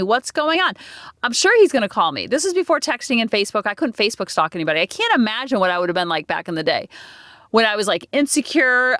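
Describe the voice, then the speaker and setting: Chatty woman with a lively, high voice. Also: no room sound, clean studio sound. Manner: chatty, self-deprecating, dramatizes old stories with quoted voices. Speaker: podcast host. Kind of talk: casual solo podcast monologue.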